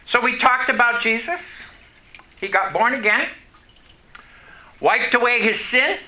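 Very high, bright-voiced man preaching a testimony. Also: measured pace. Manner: storytelling, asks the audience questions. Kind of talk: testimony sermon to a congregation. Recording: echoey room, faint noise.

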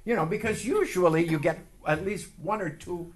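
A man preaching a sermon and telling a personal story, emotional and building to loud outbursts. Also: high voice, normal speed. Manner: emotional, building to shouts, leads call-and-response. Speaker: pastor. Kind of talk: sermon with testimony.

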